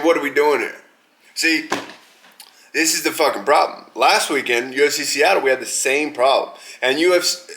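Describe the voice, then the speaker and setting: A man's voice: medium pitch, pushed and bright. A man hosting a podcast, ranting angrily and mockingly, with heavy swearing. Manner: profane, heated, mocking. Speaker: podcast host. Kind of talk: angry rant.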